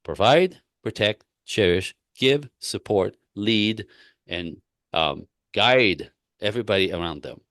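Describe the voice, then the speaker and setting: A man, a relationship coach, talking in a casual interview with emphatic, repetitive points and animated stories. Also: lowish voice, slow, dry recording, studio quality.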